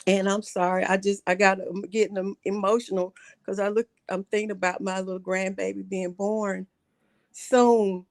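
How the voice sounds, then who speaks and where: A middle-aged woman calling in to a livestream talk show, speaking earnestly and haltingly, often repeating herself. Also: medium pitch, level tone. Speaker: caller.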